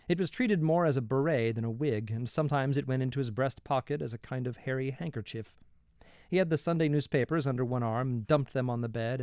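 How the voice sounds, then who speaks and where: A man reading a novel aloud in a measured, expressive way. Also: mid-range voice, clean tone, dry recording, studio quality. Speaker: reader.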